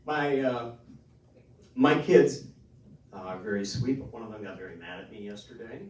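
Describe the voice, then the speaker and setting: A man performing a stand-up comedy set on a club stage, telling stories in an animated, jokey way. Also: fairly low pitch, moderate pace, slight background noise. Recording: echoey room, distant mic.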